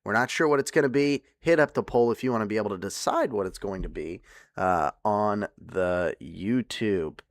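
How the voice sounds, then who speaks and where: Rambling low-voiced male streamer. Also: moderate pace, no echo, clean studio sound. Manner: rambling, with many fillers and restarts. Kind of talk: casual livestream chat.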